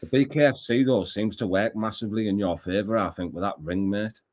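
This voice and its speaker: A man's voice: on the low side, a little fast, a little mellow. A man interviewing a guest casually, asking questions and giving short agreeing replies.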